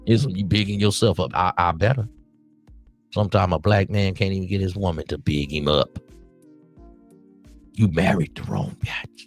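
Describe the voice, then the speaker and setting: A man's voice: deep voice, normal speed, gravelly, long pauses, soft background music. A man hosting a late-night podcast stream in a casual monologue, handing out streetwise, preachy advice to the young men he calls his nephews. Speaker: podcast host.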